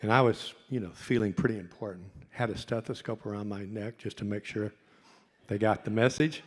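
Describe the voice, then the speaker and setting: In a convention hall with long reverb, a middle-aged man who works as a doctor and speaker tells the crowd a folksy, self-mocking story. He talks briskly in a lowish voice with fairly even intonation.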